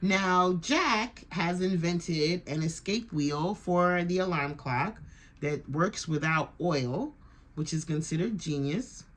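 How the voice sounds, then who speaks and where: A woman's voice: on the low side, takes it slowly, a bit bright. Woman, vlogger, casual TV recap, rambling, opinionated. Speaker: TV reaction vlogger.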